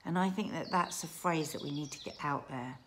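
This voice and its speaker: A middle-aged woman chatting warmly in a casual family vlog, emotional and restarting her sentences as she talks. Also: low-pitched, a little fast, slight background noise. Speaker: vlogger. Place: garden outdoors.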